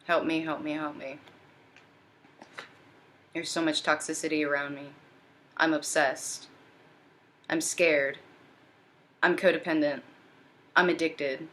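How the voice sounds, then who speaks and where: A woman's voice: sits low, flat delivery, takes it slowly, long pauses, fairly bright tone. A woman voicing a pleading, anxious man in the first person during a tarot reading, repeatedly begging for help.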